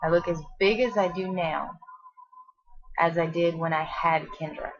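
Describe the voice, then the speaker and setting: Seated at home, a vlogger in her twenties who is pregnant speaks at a measured pace in a steady, lowish voice, a little out of breath. Her casual chat wanders, packed with fillers and false starts, captured in flat, lo-fi home video audio.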